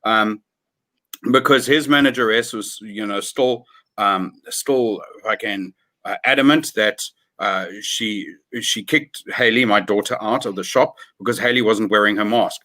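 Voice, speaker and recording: A man's voice: on the low side, measured pace, pushed and bright. A middle-aged man from South Africa, a guest on a livestream chat, talking bluntly and swearing freely as he rants.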